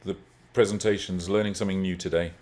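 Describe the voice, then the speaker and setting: A man with a fairly low voice co-hosts a webinar over a video call. He chats casually and jokes with attendees, often chuckling as he talks. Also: level tone, fast, darkish tone. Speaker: webinar co-host. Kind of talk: casual online meeting chat.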